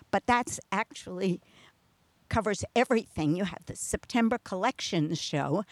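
A woman with a New York accent hosting a casual interview, chatty and quick to laugh. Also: mid-range voice, no echo. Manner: chatty, laughs often, restarts sentences. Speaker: radio show host.

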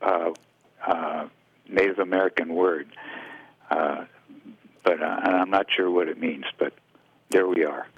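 A man's voice: low-pitched, steady tone, unhurried, long pauses, dry recording. A man from Oregon, a guest on a radio show, speaking hesitantly with many fillers and restarts. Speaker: guest, dance caller. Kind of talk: casual radio interview. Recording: dull radio line.

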